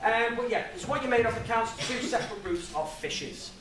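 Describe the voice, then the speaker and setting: A young man giving an informal, jokey talk to an audience, chatty and quick to laugh at his own stories. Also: very high-pitched, animated, noisy background. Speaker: guest speaker. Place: lecture room with audience. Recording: echoey room, mic at a distance.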